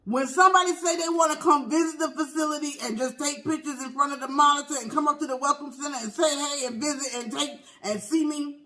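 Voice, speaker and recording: A performer playing a loud, gossipy middle-aged auntie in a comedy skit, telling a story while eating. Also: sits high, faint music behind. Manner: animated, talks between bites of food; exclamatory, drawn-out "baby", "child", "honey". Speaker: comedy mukbang character.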